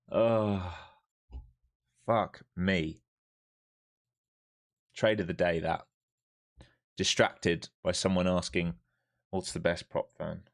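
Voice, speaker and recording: A man doing live trading stream commentary, animated and swearing freely as he talks through the chart. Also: low-pitched. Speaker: live-stream day trader.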